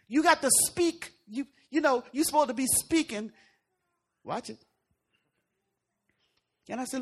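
A woman preacher giving a folksy, conversational sermon, swinging from loud emphatic lines to hushed asides. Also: high voice, a little slow, long pauses, husky.

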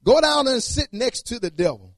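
A man's voice: extremely high pitch, expressive, a little fast, no echo. A man preaching a sermon in repetitive, rhythmic phrases and casual everyday speech.

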